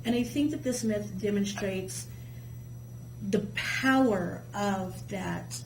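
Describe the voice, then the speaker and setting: A woman's voice: medium pitch, takes it slowly, vocal fry. Chatty woman in an echoey room. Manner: lively, colloquial storyteller. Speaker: guest. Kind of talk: casual chat and myth storytelling. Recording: echoey room with faint hum.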